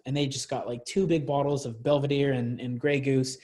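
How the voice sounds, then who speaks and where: A man's voice: fairly high pitch, fairly even intonation, fast talker, few pauses, a little mellow. A young man as a podcast guest, telling a story in a rambling way, full of fillers and restarts. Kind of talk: casual storytelling.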